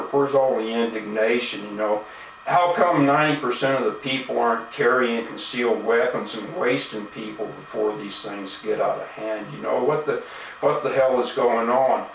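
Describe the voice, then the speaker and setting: A man's voice: mid-range voice, normal speed, creaky, a little hiss or hum. Indignant man ranting in an echoey room. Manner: indignant, profane, repetitive fillers. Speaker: video blogger. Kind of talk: angry monologue rant. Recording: echoey room, mic at a distance.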